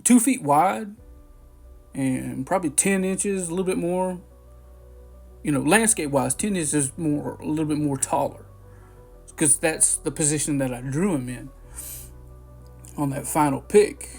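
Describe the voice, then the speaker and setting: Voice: medium pitch, a little mellow. Forties vlogger rambling thru an old story, cusses a lot, lots of restarts, mid voice, bit of music underneath. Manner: rambling, profane, full of restarts and fillers. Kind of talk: casual storytelling.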